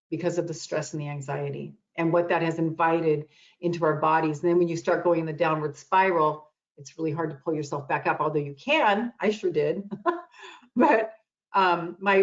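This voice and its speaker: A woman's voice: fairly low pitch, dull audio. A woman giving an earnest motivational talk on anxiety, repeating phrases for emphasis. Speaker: guest speaker on self-love and anxiety.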